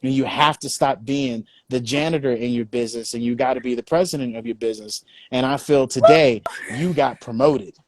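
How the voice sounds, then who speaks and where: A man's voice: medium pitch, a little fast, few pauses, a little mellow, no room sound. A man speaking as a business coach, earnest and motivational, with many filler phrases.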